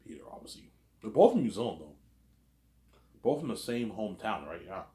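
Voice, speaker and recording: A man with a very low voice talks through a casual, rambling commentary. He keeps circling back with the same tag phrases and fillers. The sound carries a noticeable room echo. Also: big pitch swings, brisk, warm tone. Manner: rambling, repeats fillers and tags constantly. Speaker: host. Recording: roomy echo.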